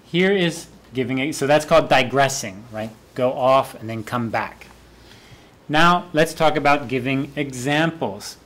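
A man's voice: mid-range voice, a little slow, fairly bright tone. A man who is a university professor, giving a classroom lecture and repeating key phrases for students to echo.

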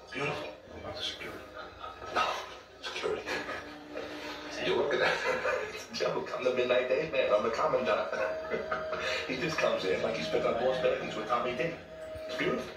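An actor playing an excited crook pitching a heist in a persuasive, eager way. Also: male voice, a little fast, pauses often, close to an everyday voice. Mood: scheming. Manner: excited, persuasive, keeps saying beautiful. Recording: echoey distant film soundtrack with loud music.

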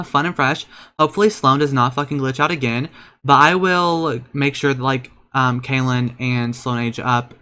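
A man's voice: medium pitch, sharp tone. A young man hosting a let's-play of a life-sim game, campy and sassy, swearing often and swinging between cooing and outbursts. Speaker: gaming channel host. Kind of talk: casual let's-play commentary.

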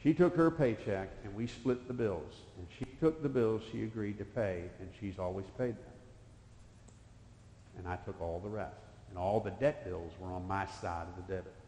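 Male preacher in his fifties, low voice, folksy storytelling, emphatic bursts, long reverb in a church. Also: normal speed, warm tone, slight background noise. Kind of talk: sermon. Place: church sanctuary. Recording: echoey church hall.

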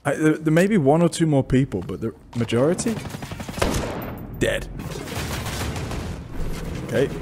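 A man's voice: medium pitch, expressive, a little slow, pauses often, noisy background. A man giving casual let's-play commentary, muttering to himself and breaking into frustrated outbursts. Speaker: gaming YouTuber. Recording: game gunfire and explosions behind voice. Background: game gunfire and explosions.

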